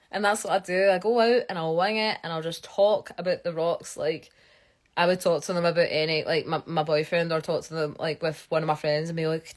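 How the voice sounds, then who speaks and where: A woman's voice: fairly low pitch, steady tone, a little fast. A young Scottish woman chatting casually and enthusiastically on a phone live stream, filling her talk with "like". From Scotland. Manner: chatty and enthusiastic, many fillers. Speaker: geologist hosting a live stream.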